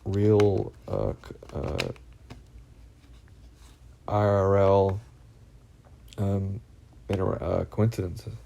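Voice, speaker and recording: A man telling of his own experiences in a halting, anxious monologue, full of fillers, restarts and swearing. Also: low voice, very animated, vocal fry, dark tone. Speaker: vlogger recounting personal experiences. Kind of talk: rambling first-person monologue.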